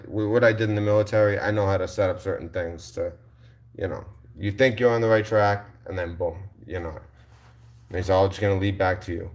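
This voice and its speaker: A man's voice: low voice, darkish tone. A male livestream host answering his chat in a combative, mocking rant, repeating his insults.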